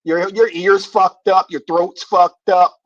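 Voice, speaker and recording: A man's voice: sits high, steady tone, takes it slowly, no room sound, muffled recording. A man in an online debate, heckling and mocking with repeated jeers.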